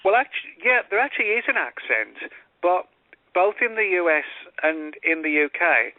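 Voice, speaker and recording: Man, radio interview guest, measured explainer, many fillers and restarts, thin phone-line sound, dry. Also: sits high, very animated, no room sound. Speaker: guest author.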